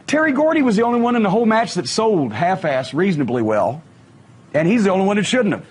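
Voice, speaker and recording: A middle-aged man spins a profane, animated wrestling yarn, his voice pitched high. He has a husky, breathy edge. He acts out every quote as he goes. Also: fast. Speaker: wrestling manager telling stories. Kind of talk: casual storytelling on a podcast.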